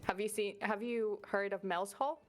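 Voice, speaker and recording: A woman's voice: medium pitch, steady tone, moderate pace, faint music behind. A woman guest chatting casually in an interview, rambling, correcting herself and giggling often. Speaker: guest VTuber who covers mystery cases.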